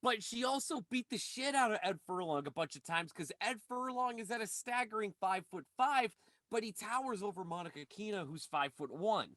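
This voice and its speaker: A man with a high-pitched voice speaks fairly quickly, with no room sound, while co-hosting a podcast. The chat is casual and lively; he swears freely and blurts out asides.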